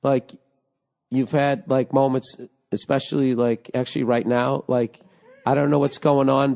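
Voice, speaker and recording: A man's voice: mid-range voice, little pitch movement, unhurried, darkish tone. A man hosting a casual comedy podcast, joking crudely and reading out listener emails, with a sore throat. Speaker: podcast host.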